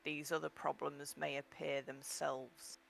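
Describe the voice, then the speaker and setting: A tabletop player making dry, measured remarks during the game. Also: mid-range voice, level tone, creaky, fairly bright tone. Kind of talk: casual chat at a tabletop game.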